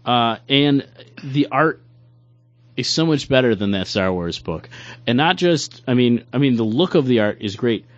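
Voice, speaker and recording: A man co-hosting a podcast, talking haltingly about comic art and repeating words as he searches for them. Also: medium pitch, animated, no echo. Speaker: podcast co-host. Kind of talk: casual comic book discussion. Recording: dull lo-fi podcast audio.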